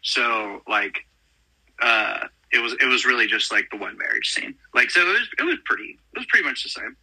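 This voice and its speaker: A man's voice: medium pitch, lively intonation, brisk, pushed and bright, slightly rough, no room sound, low-quality recording. A young man from Texas co-hosting a podcast, telling stories in a laid-back, joking way. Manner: laid-back, jokey storytelling. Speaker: podcast co-host. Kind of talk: casual chat.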